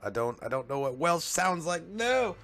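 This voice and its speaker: A man's voice: on the high side, sing-song, moderate pace, fairly bright tone, slight background noise. A man chatting casually on a live stream as he reads comics aloud, dropping "like" often.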